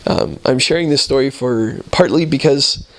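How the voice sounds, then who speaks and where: Speaking at normal speed with a mid-range voice, this thirty-something returned missionary recounts tales from his mission. He brings the stories to life animatedly, performing the voices of those involved.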